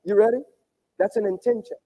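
A man preaching a sermon to his congregation, repeating phrases and swinging between loud calls and hushed asides. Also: sits high, fairly even intonation, brisk, phone-quality sound. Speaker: pastor. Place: church sanctuary.

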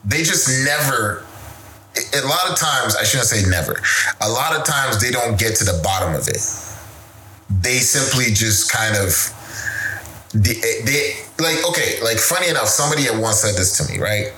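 A man co-hosting a podcast, telling stories in a loose, animated way and swearing freely. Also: mid-range voice, normal speed. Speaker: podcast co-host. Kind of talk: casual chat. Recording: echoey room with faint noise.

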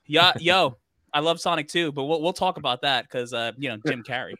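A man co-hosting a casual podcast, animated and full of hype exclamations. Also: a little high, a little fast, no echo, studio quality. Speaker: podcast co-host.

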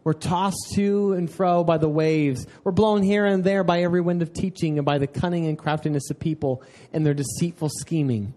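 Earnest conversational male pastor, mellow voice. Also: on the high side. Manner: conversational and earnest, with repeated "man" and quick asides. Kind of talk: sermon.

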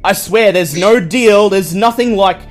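A man's voice: high voice, a little slow, soft background music, voice pushed up. A man voicing a desperate male vampire lackey who pleads frantically and swears, in a tabletop game. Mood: pleading.

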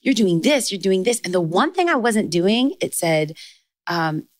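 On a dry recording, a young adult woman who is an author and speaker chats casually as a podcast guest. Her stories come out in quick bursts, and her voice jumps higher with excitement whenever she quotes someone.

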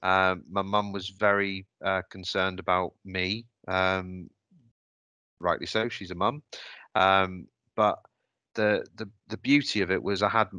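A man hosts a podcast and tells a personal story. His voice sits very low, yet it comes across bright and forceful, and the sound is dry and close. He speaks hesitantly, pausing and restarting as he reflects. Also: fairly even intonation, clear, resonant tone, no room sound. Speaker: podcast host.

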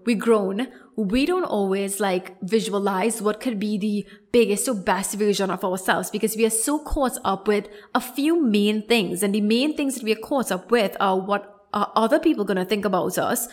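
A young adult woman, a yoga teacher, telling a personal story on her podcast in a chatty, rambling way full of "like". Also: mid-range voice. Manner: chatty, rambling, heavy on 'like'. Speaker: podcast host.

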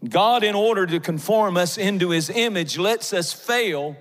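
A male pastor with a notably high voice preaches with fervor, his lines swelling into shouts. The sound rings out with the long reverb of a big church sanctuary. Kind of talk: sermon. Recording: long reverb of a large hall.

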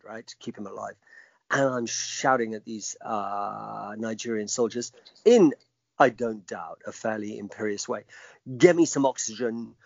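A man's voice: mid-range voice, vocal fry, no room sound. Middle-aged man, emphatic storyteller, lo-fi. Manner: emphatic, reflective, acts out quoted speech. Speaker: guest. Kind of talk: personal storytelling. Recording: dull lo-fi dry recording.

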